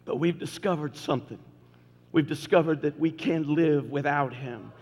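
A man preaching a sermon in a church, delivering it fervently and rising to shouts at the peaks. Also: a little high, moderate pace. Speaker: pastor. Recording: long church reverb with faint music.

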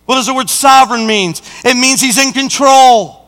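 A man, a senior pastor, preaching a sermon with emphatic delivery that rises toward near-shouts, recorded in a reverberant church hall. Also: very high-pitched, moderate pace.

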